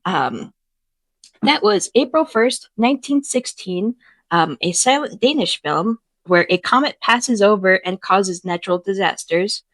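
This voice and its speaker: Relaxed woman co-host, many ums, recapping facts, dry sound. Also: mid-range voice, measured pace, no echo. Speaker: podcast co-host. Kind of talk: casual commentary chat.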